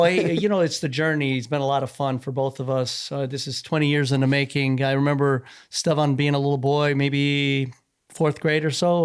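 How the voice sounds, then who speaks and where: A man's voice: fairly high pitch, clear, resonant tone. A middle-aged man, a wrestler's father, telling a long chatty story and acting out the quoted dialogue. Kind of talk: anecdotal storytelling.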